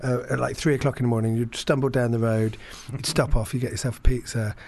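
A man's voice: medium pitch, level tone, quick pace, gravelly, darkish tone. A man, telling a rambling, self-deprecating story in casual chat, full of fillers and restarts. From England.

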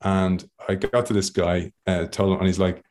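Man, Irish accent, lowish voice, casual animated storytelling, podcast guest. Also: moderate pace. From Ireland. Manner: animated storyteller, laughs often and acts out other people's voices. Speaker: podcast guest, former rugby player.

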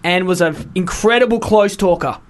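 High-voiced man hosting radio. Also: moderate pace, over a noisy crowd. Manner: chatty, laughs easily, runs the show. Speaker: radio host. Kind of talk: casual radio banter.

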